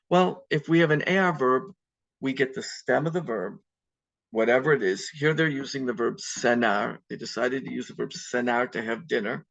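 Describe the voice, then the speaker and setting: A man's voice: medium pitch, gravelly, a bit bright. A man teaching a Spanish class over a video call, explaining step by step with frequent ums. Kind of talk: online class lecture. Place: home at computer on video call. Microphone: video call mic. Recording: dull lo-fi video call audio.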